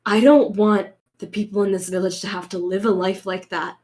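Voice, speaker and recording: A woman voicing an unsure young woman searching for who she is, who speaks hesitantly and with pauses. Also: medium pitch, fairly even intonation, a little mellow, natural voice.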